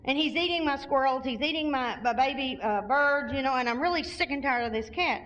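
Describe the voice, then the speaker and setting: A high-pitched middle-aged woman spins a humorous personal story for a convention crowd. Her delivery is animated and folksy, with laughs running through it. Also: brisk, muffled recording. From Arkansas, USA. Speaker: recovery convention speaker.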